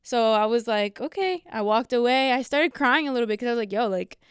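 A woman in casual chat, telling a family story in a lively way and acting out the people she quotes. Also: on the high side, fast talker, clean tone, no echo, clean studio sound. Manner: animated storyteller, acts out quoted voices.

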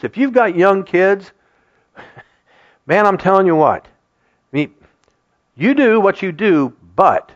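A middle-aged man preaching a sermon to his congregation in an animated, conversational way. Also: high voice. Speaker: pastor. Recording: dull lo-fi sound.

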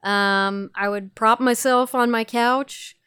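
A woman's voice: fairly high pitch, fairly even intonation, takes it slowly, sharp tone, smooth, dry recording, clean studio sound. A woman guesting on a podcast, telling her own story in a chatty, self-mocking way with lots of fillers. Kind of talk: candid recovery podcast talk.

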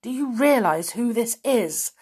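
A woman voicing a young, noble male centaur who speaks in a grave, measured way in a storybook reading. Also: a little high, expressive, darkish tone, slightly rough, voice pushed up. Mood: firm.

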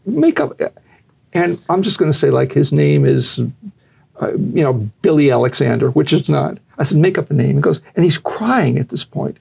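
A man's voice: moderate pace, vocal fry, a little mellow, slightly rough. A man telling a long story animatedly, raising his voice when he acts out what others said. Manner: acts out quotes with raised pitch.

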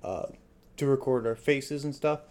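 A laid-back, agreeable podcast co-host mostly gives short replies in a casual chat. His voice is medium-pitched and a little mellow, fairly even in intonation, at a moderate pace.

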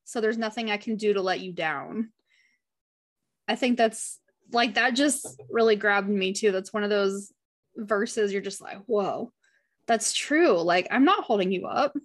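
A woman leading a casual Bible study, reading passages aloud and talking about them in an earnest, heartfelt way. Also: medium pitch. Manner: earnest and heartfelt, chatty with frequent "like".

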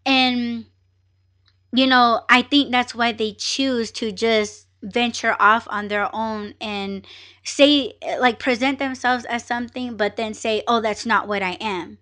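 A woman hosting a podcast, telling a story in a casual, animated and profane way, with many fillers and acted-out exchanges. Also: fairly high pitch, takes it slowly, clear, resonant tone. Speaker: podcast host.

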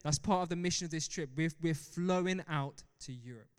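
A young man preaching a sermon with an animated, joking manner, often laughing at himself. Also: fairly high pitch, a little fast, clean tone. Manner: animated, laughs often, self-deprecating asides. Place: church hall. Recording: long reverb of a large hall.

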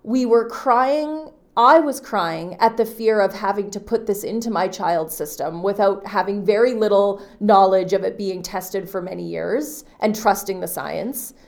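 A woman's voice: mid-range voice, unhurried, hardly any pauses. Woman in her 30s doing a solo podcast ep, earnest, heartfelt, lots of "you know". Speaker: podcast host. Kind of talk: personal reflective monologue.

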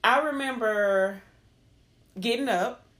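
A woman co-hosting a podcast, telling a story in a casual, animated way, laughing often and acting out what people said. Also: a little high. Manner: animated, laughs often, acts out quoted dialogue; talks quickly at times, with restarts. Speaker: podcast co-host.

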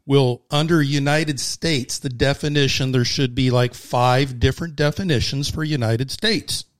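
A man's voice: mid-range voice, unhurried. A man explaining things in a confident, lecturing way, his voice in the middle range. The sound is dry and close, with no room echo. It comes across as a casual podcast conversation. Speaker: podcast guest. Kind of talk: casual political chat.

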